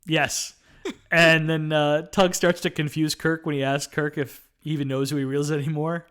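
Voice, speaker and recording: A man's voice: on the high side, level tone, normal speed, a bit bright, smooth. A man co-hosting a film review podcast, casually retelling movie scenes with lots of "uh" and "um". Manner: retells scenes with frequent fillers. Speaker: podcast co-host.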